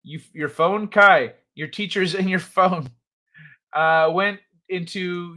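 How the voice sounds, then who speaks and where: A man hosts a late-night livestream, casually chatting with viewers and the live chat while retelling stories. He laughs a lot, swears, and quotes people in animated voices. His voice is high-pitched and he takes it slowly.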